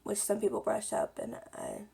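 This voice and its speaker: A young woman, slightly hoarse today, chatting casually through a makeup tutorial as she applies it. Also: medium pitch, sing-song, moderate pace, mellow. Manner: chatty, talks while applying makeup. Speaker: beauty vlogger.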